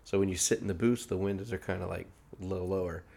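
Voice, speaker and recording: A man's voice: low-pitched, fast talker, vocal fry, breathy edge. A man hosting a casual podcast, telling stories among friends, acting out the quotes with lots of laughter. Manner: animated, acts out quotes, laughs often. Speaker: podcast host.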